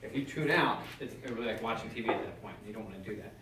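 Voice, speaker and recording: A man's voice: lowish voice, very fast. Man coaching a brass ensemble. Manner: encouraging, direct, counts players in. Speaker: band clinician coaching a student brass ensemble. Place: band room. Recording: echoey room, mic far off, faint noise.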